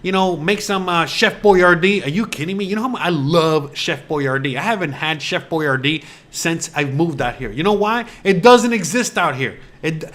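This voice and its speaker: A man's voice: on the high side, normal speed, hardly any pauses, a bit bright. A man in his forties from the United States, hosting a casual rant to camera. He talks in an exasperated, rambling way, full of fillers and restarts. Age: 40s. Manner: exasperated, incredulous ranting. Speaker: host.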